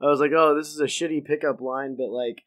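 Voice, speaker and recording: A man with a somewhat high voice co-hosts a podcast in casual chat. He reacts with quick quips and frequent chuckles. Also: fairly even intonation. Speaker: podcast co-host.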